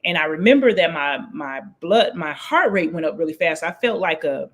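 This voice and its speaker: Animated woman telling a story. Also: moderate pace. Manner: lively, acts out quoted voices with big pitch jumps. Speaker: guest storyteller. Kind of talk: personal storytelling in an interview.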